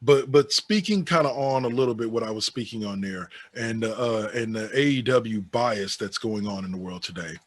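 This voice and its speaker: A man's voice: on the low side, normal speed, hardly any pauses, no echo. A man co-hosting a casual podcast, reading out a list of awards and adding sarcastic, offhand asides. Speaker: podcast co-host.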